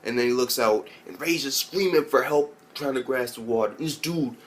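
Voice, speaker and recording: A young man talks through an anime episode in a casual, rambling way, swearing constantly. His voice sits in a middle register. He keeps breaking into loud, high impressions of the characters. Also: moderate pace. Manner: rambling, loose, swears a lot, mimics characters in raised voices. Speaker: anime reviewer. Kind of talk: casual profane recap.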